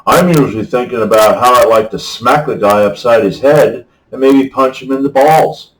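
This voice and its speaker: A man's voice: mid-range voice, moderate pace, far from the mic. A man giving a casual, rambling Bible talk to camera in a folksy way, often checking in with "okay?". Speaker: faith vlogger. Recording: echoey room, voice off-mic.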